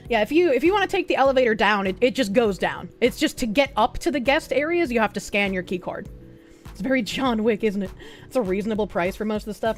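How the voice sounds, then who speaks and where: A woman streamer chatting casually to her viewers, rambling, swearing freely and reading chat aloud. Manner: squeals high when laughing. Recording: faint music behind.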